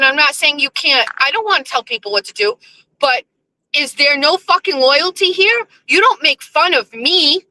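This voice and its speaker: A woman hosting her own show, delivering a profane, ranting monologue that swings from low muttering to high indignation. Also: lively intonation, moderate pace, pushed and bright, dry recording, poor audio. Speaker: host. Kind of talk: casual monologue on a livestream show.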